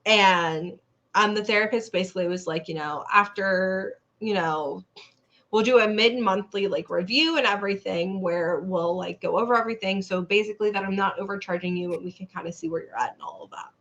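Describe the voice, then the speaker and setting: Young woman podcast cohost, chatty, tells a story all animated, acts out the people, cusses a lot. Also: mid-range voice, fairly quick, muffled recording. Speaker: podcast co-host. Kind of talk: casual chat, retelling a story.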